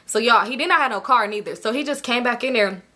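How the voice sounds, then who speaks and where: Bright-voiced young woman telling a story. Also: a little high, fast talker. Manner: animated, slangy, talks straight to viewers. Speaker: storytime vlogger. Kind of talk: casual storytelling to camera.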